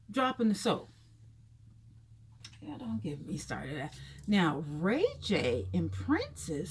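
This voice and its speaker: A woman giving a casual, profane recap of a reality show, animated and laughing, with asides. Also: fairly high pitch, slightly rough. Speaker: reality TV commentator.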